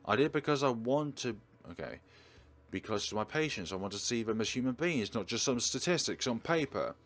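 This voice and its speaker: Earnest young woman nurse, raised eager voice, animated, read by a man. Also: mid-range voice, fairly quick. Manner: raised, bright, eager delivery.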